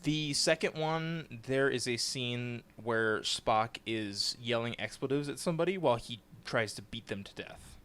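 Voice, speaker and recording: A man co-hosting a casual podcast chat, excitable, laughing often and explaining trivia at length. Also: medium pitch, a little slow, clean tone. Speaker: podcast co-host.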